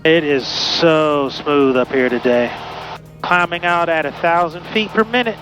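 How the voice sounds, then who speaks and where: A student pilot from Pittsburgh, USA, chats upbeat with viewers from a small plane's cockpit mid-flight, narrating his trip. His voice is fairly high and measured in pace, heard over music with poor audio quality.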